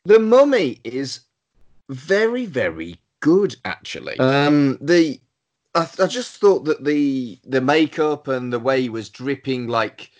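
A man's voice: mid-range voice, animated, slow, a little mellow. A man co-hosting a casual film chat, thoughtful and dry, with hesitant restarts. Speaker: podcast co-host.

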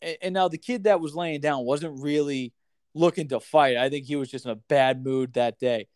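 Chatty man telling a story, slightly high voice. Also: normal speed, no echo. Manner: animated, swears freely, heavy use of "like" and "dude". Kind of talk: casual storytelling chat.

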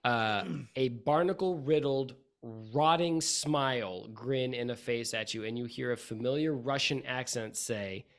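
A man running a tabletop role-playing game as its game master, narrating scenes slowly and breaking into laughter between them. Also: mid-range voice.

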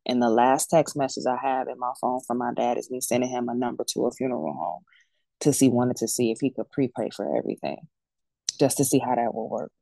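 Woman in her 40s, raspy-ish fry, tells her story really animated and emphatic. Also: very deep voice, brisk, no echo. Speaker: death doula guest. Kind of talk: casual personal storytelling.

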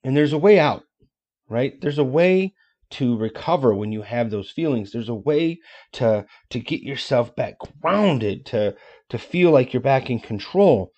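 Mellow-voiced male podcast host. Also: mid-range voice, measured pace, muffled recording. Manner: energetic, conversational, folksy asides. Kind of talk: casual motivational talk.

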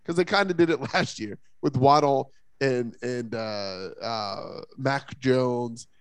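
Sports podcast co-host, gravelly voice, swinging pitch, dry close mic. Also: male voice, slow, no echo. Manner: rambling, animated, many fillers and restarts. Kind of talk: casual sports talk.

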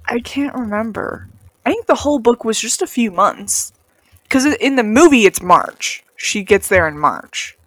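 A woman's voice: a little high, animated, normal speed, no room sound. A young woman reading a passage aloud and joking about it in casual chat, giggly and wry. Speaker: co-host reading a novel aloud.

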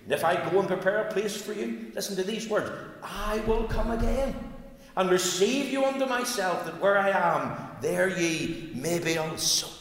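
Male preacher, higher voice, booming hall reverb, emphatic sermon delivery. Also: normal speed. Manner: fervent, swings from loud emphatic cries to low earnest tones. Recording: echoey hall sound.

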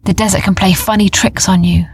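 A woman voicing a cloth-wrapped desert trader who explains things in a calm, kindly way. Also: mid-range voice, fairly quick, husky. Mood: kindly explaining.

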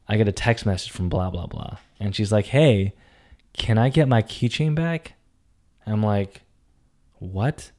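A young man telling a personal story, animated, acting out quotes with loud outbursts. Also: lowish voice. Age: young adult. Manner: animated, acts out quotes with big loud jumps.

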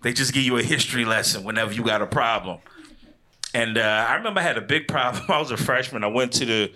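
A young man from Chicago with a Midwestern accent, performing a slangy stand-up comedy set on a club stage, shouting his punchlines. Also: medium pitch, fast.

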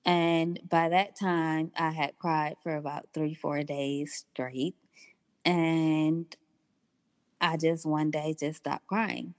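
Low-voiced, slow-talking woman. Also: steady tone, dry recording. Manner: candid, unhurried, acts out quoted dialogue. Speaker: guest. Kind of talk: personal storytelling in an interview.

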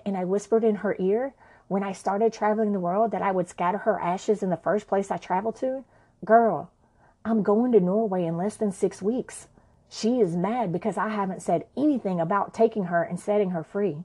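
A woman's voice: medium pitch, normal speed, dark tone. A woman narrating a personal story in a frank, conversational way, swearing freely.

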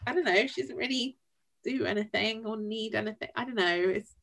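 A woman with a Yorkshire accent, co-hosting a podcast and chatting casually about a film in an animated way, with wry asides. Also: fairly high pitch, a little fast, gravelly. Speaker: podcast co-host. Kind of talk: casual film review chat.

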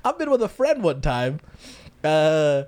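A young man with a high, bouncing voice that rises and falls a lot as he chats on a podcast. He jokes freely and slips into goofy voices. He grew up in the American South. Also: a little slow. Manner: animated, joking, puts on silly voices. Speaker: podcast host. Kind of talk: casual podcast chat.

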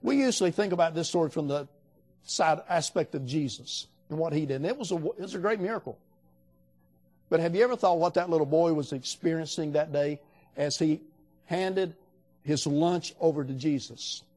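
A man's voice: fairly high pitch, moderate pace, darkish tone. An older man preaching a sermon in a folksy, storytelling way, acting out the voices of the people he quotes.

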